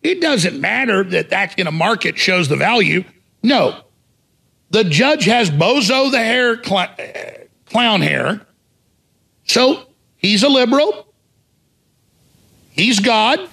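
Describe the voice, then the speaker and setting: A man hosting a talk show, ranting in a combative, mocking way and shouting for emphasis, with a raspy, gravelly voice. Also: high voice, sing-song, takes it slowly, long pauses. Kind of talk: heated talk radio rant.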